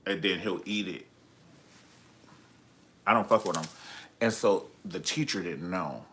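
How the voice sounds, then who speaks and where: A man's voice: deep voice, a little slow, sharp tone. A man hosting a casual live stream, telling gossipy stories in a sassy, flamboyant, profane way and calling people honey.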